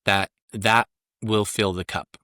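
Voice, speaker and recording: A man's voice: on the low side, steady tone, takes it slowly, pushed and bright, clean tone, dry recording, studio quality. A man, a psychotherapist and parenting coach, speaking as a podcast guest in an earnest, emphatic way that repeats key points. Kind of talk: podcast interview.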